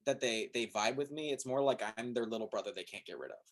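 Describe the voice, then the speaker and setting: A man's voice: mid-range voice, fast talker. Hesitant self-deprecating male guest. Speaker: guest musician. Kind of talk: casual chat.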